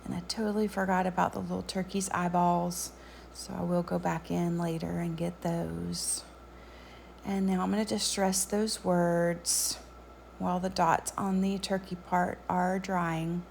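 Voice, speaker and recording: A woman narrating a craft tutorial voice-over in a relaxed, chatty way with frequent ums. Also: on the low side, measured pace, vocal fry, slight background noise.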